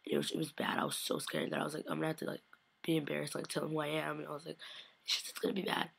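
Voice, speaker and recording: Gushing young woman with gravelly fry. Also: low voice, sing-song, rapid-fire. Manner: gushing, rambling with constant "like"; acts out quotes in shifting voices. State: slightly sick. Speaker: vlogger. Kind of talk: casual recap of a fan convention.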